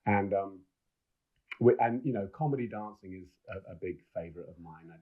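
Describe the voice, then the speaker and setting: A middle-aged man with a low voice, guesting on a podcast as a film director. He tells enthusiastic, rambling anecdotes and often restarts his sentences. The recording sounds dull and lo-fi. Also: normal speed. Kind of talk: casual podcast storytelling.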